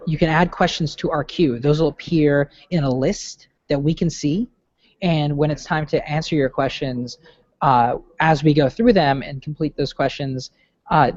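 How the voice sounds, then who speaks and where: A man's voice: a little high, darkish tone, no echo. A man moderating a webinar, friendly and informal with lots of fillers, over a video call. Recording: dry lo-fi online call audio.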